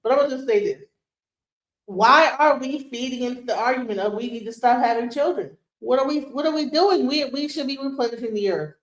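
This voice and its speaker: In roomy, echoing audio, a middle-aged woman hosting a livestream reacts to a clip, heated and swearing, throwing out one rhetorical question after another. Her voice sits high and moves briskly.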